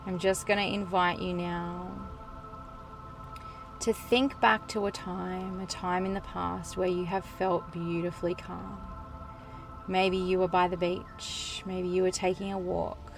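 A woman podcast host and certified hypnotherapist guiding a relaxation hypnosis with slow, soothing, repetitive cues. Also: lowish voice, little pitch movement, music in the background. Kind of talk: guided hypnosis.

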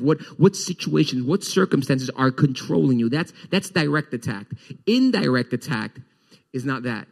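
A man preaching a Sunday sermon as pastor, animated, repeating words and voicing the congregation's questions. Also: medium pitch.

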